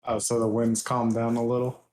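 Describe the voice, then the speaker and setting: A man's voice: medium pitch, monotone, brisk, crowd noise. A man playing a tabletop game, hesitantly laying out his plans in careful detail. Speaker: player. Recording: roomy echo.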